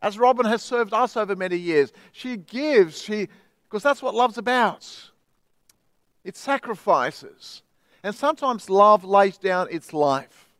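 A man's voice: high-pitched, lively intonation, a little slow, a bit bright, no room sound. A middle-aged man with an Australian accent, preaching an earnest, emphatic sermon as pastor.

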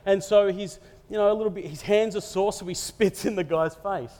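A man's voice: sits high, normal speed, a little mellow. Man, preacher, jokey conversational sermon, long hall echo. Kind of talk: humorous sermon. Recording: echoey hall reverb.

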